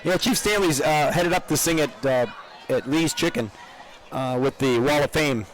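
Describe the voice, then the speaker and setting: A man's voice: fairly high pitch, normal speed, rough recording. An older man from upstate New York, co-hosting live parade coverage outdoors, chatty and rambling, with frequent laughs. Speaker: parade co-host.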